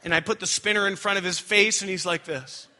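A young adult man preaching a sermon with animated storytelling that swings high when he gets excited. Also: fairly quick. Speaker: pastor.

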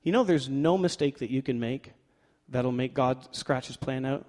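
A male pastor preaching a sermon in a conversational way, swinging from loud emphatic bursts to quiet asides and joking with himself. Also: mid-range voice, normal speed. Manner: conversational with fillers like "like" and playful self-talk. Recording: long reverb of a large hall.

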